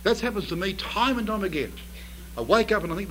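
High-voiced man preaching a sermon. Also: animated, fast, sharp tone, slight background noise, poor audio. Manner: storytelling with rhetorical questions, builds to emphatic bursts.

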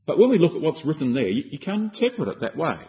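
Guy preaching on scripture, lively up and down voice, asks the crowd questions, kinda dull muffled recording. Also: on the high side, fast. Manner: animated, rhetorical questions, acts out quoted speech. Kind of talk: Bible exposition sermon.

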